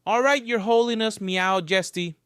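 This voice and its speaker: A man's voice: mid-range voice, wildly swooping pitch, fast talker, no room sound, clean studio sound. A man voicing a kind, anxious but resolute young woman in a storybook reading, raising his voice for her lines. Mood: urgent.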